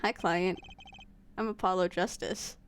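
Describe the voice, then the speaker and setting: A woman's voice: lowish voice, steady tone, measured pace, a little hiss or hum, voice pushed down, close to an everyday voice. A woman voicing a nervous young male rookie lawyer in a video game, stammering and insisting too hard that he is fine. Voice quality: jumpy, stammering, over-insistent.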